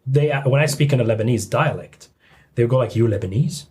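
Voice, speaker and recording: A man talking as a podcast guest in a relaxed, easygoing way with many pauses and ums. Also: mid-range voice, husky. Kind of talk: casual chat.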